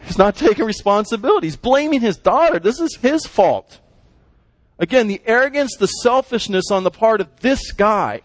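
A man with a high, bright-sounding voice teaches a Bible lesson to his class. He is animated and keeps asking his listeners questions as he explains the text. The recording is dry and close, with no room sound. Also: normal speed, dry recording.

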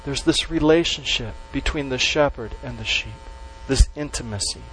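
A man preaching a sermon to a congregation, stressing key words slowly and letting his voice drop at the ends of phrases. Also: mid-range voice, fairly bright tone, slight background noise, low-quality recording. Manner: emphatic, with slow stressed words and dropped endings. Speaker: pastor.

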